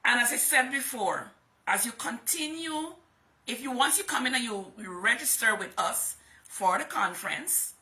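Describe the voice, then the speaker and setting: A woman's voice: fairly high pitch, expressive, normal speed, pushed and bright. A woman hosting a livestream, giving an emphatic motivational talk and repeating phrases for stress. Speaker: host and motivational speaker.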